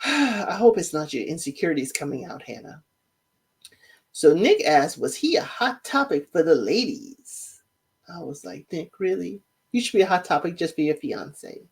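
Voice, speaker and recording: Casting: woman with a lowish voice and lively swings in pitch, sassy reality recapper who acts out the quotes. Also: moderate pace, slightly rough. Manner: chatty, sassy, quotes people in animated voices. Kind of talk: casual spoken recap.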